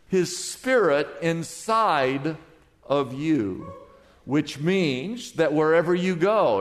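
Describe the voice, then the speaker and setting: Male pastor, high voice, emphatic sermon delivery, live church reverb. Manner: emphatic preaching with questions to the congregation. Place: large church sanctuary.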